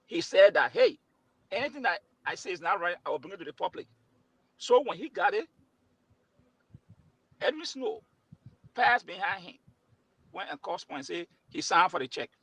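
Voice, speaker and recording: A man's voice: sits high, big pitch swings, moderate pace, pauses often, sharp tone, slightly rough, poor audio. A man arguing as a commentator on a political talk show, retelling events and repeating words. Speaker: panel guest, right-leaning commentator. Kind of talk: heated political debate.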